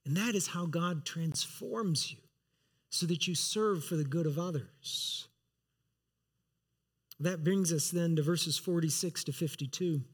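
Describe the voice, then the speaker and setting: A man's voice: fairly high pitch, measured pace, slightly rough. A man preaching an earnest sermon as pastor, reading scripture aloud and driving his points home with emphasis.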